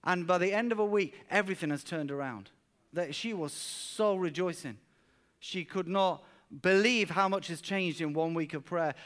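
A man's voice: sits high, normal speed, a bit bright. A man. He tells stories earnestly, often repeating a word before pressing on. This is a church sermon. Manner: earnest storyteller, often repeats words while speaking. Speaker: pastor. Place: church service.

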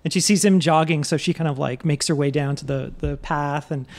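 A man's voice: a little high, fairly even intonation, a little fast. A man co-hosting a podcast, chatting in a rambling, hedging way. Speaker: podcast co-host. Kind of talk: casual chat.

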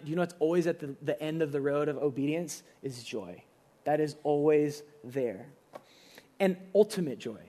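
High-voiced young man preaching emphatically. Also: darkish tone. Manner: casual, emphatic preaching with rising bursts. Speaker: pastor. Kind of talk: sermon.

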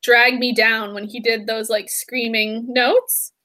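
A woman's voice: a little high, level tone, slow pace, sharp tone. A young woman co-hosting a casual chat, talking enthusiastically and at length, full of "like" and restarts. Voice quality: enthusiastic, chatty, filler-heavy. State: eating while talking. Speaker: podcast co-host.

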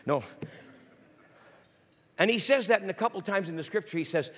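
A man preaching an animated sermon, telling stories in a lively, casual way. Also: high voice, moderate pace, pauses often, breathy edge. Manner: lively, storytelling, casual slang. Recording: long hall reverb.

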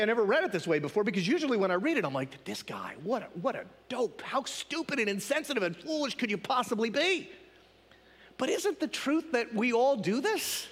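A male pastor delivers a sermon in a chatty, questioning way. His voice sits high and swings widely in pitch. A long reverb from a large hall hangs behind his words. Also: a bit bright. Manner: conversational, asks the congregation questions.

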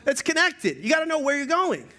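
A male pastor preaching a sermon in a high, bright voice. He jokes and tells stories with plenty of energy. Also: brisk. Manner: joking, storytelling, energetic.

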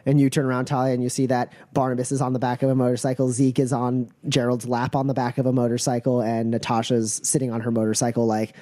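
Male game master, mellow voice, dry close mic, easygoing narration. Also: mid-range voice, flat delivery, fast talker, hardly any pauses, no room sound.

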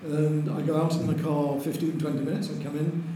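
A man's voice: on the high side, fairly quick. Older man telling racing stories. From Lancashire, England. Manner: lively, chuckles through stories. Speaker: interview guest, racing driver. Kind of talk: anecdotal storytelling. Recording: very echoey room with faint noise.

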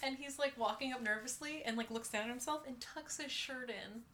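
A young woman co-hosting a podcast, excitable and gushing as she talks. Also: fairly high pitch, brisk, slight background noise. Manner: excitable, gushing, swings between hushed and loud. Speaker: podcast co-host. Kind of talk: casual chat.

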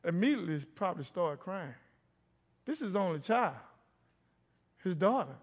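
This middle-aged pastor's voice sits high and sounds animated as he preaches at a moderate pace with long pauses. He tells stories and calls out to his congregation, and the church sanctuary gives the recording a long hall reverb.

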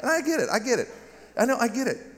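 Speaking fast at an extremely high pitch, this middle-aged Southern American guest pastor delivers a comic, lively sermon and keeps asking for amens. A long reverb tail fills the large balconied church, with slight background noise underneath.

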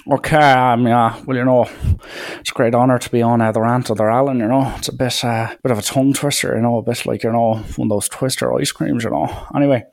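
Man putting on an rugby coach, gravelly, rambling, hesitant, "you know" fillers, dry close sound. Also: medium pitch, fairly even intonation, quick pace, no echo, lightly acted. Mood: rambling, chummy. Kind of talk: podcast impression bit.

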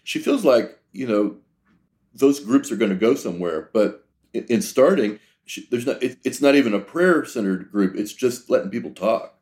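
A man's voice: medium pitch, animated, normal speed, a little mellow. A man hosting a podcast interview, speaking reflectively in extended metaphors. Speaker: podcast host. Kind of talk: conversational interview.

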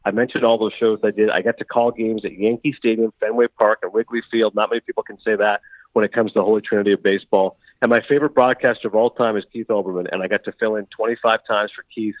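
A middle-aged man from Canada, a sports broadcaster chatting as a guest in an interview, who talks quickly and acts out the dialogue he quotes. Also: on the low side, fairly even intonation, no room sound. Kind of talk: casual interview chat. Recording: tinny phone-like line.

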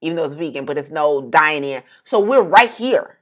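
A woman, co-hosting a casual chat and telling animated stories. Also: low voice, normal speed. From Detroit. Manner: animated storytelling, acts out quotes. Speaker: podcast co-host.

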